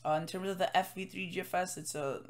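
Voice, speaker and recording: A man's voice: high-pitched, fairly even intonation, fast. A tired man giving a casual weather forecast from home, rambling with many fillers and self-corrections. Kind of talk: casual forecast commentary over screen.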